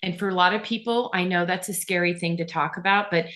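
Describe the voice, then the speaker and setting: A middle-aged woman telling a personal story as an interview guest, earnest and animated, often turning to the host. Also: on the low side, quick pace.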